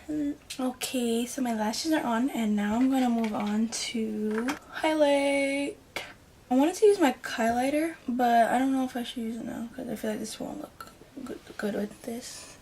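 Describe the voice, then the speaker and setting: A woman giving a casual makeup tutorial in a chatty, rambling way, with soft muttered asides. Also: sits high, slight background noise. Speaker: beauty vlogger.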